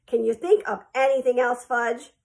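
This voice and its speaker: A sensible father speaks calmly and patiently, voiced by a woman reading aloud. His lines stay steady and unhurried. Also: a little high, creaky. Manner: calm, patient.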